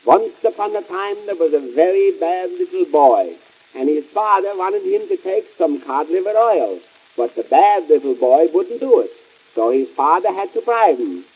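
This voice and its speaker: A man doing Cohen, a husky wisecracker. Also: sits high, full character voice, poor audio. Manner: punchline-driven deadpan patter. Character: wisecracking male immigrant comic businessman. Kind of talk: 1920s vaudeville comedy record.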